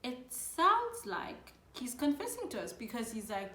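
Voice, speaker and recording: A woman hosting her own channel, casually and jokingly retelling a play's plot in slangy asides, slipping into quick voices for the characters. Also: fairly high pitch, sing-song, a bit bright, echoey room. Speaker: channel host. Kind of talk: comedic casual plot summary.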